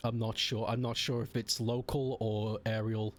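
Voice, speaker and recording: A man streams a game while chatting casually, grumbling about technical trouble and getting easily frustrated by it. His voice is lowish and flat, at a moderate pace.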